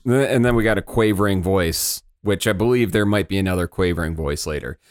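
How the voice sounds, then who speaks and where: Low, lively-voiced man in a dry room. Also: fairly quick, no room sound. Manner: hesitant, filler-heavy, dry jokes. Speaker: podcast co-host. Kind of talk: casual book discussion.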